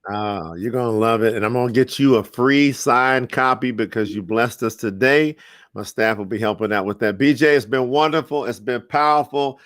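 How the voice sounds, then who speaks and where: A man's voice: medium pitch, normal speed, a bit bright, no echo. Motivational male host, dry close sound. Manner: enthusiastic, motivational, reads viewer comments aloud. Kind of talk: live-streamed interview wrap-up.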